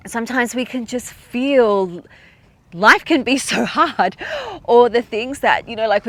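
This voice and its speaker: A woman's voice: medium pitch, a bit bright. Emotional chatty woman telling a personal story. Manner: chatty and emotional, many "like" fillers. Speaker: podcast host.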